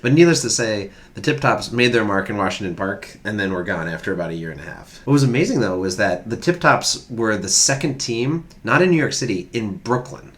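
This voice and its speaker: Casting: a low-pitched man hosting trivia, relaxed and rambling. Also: brisk, few pauses. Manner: rambling, researched storytelling with fillers. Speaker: podcast co-host presenting trivia. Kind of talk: casual trivia chat.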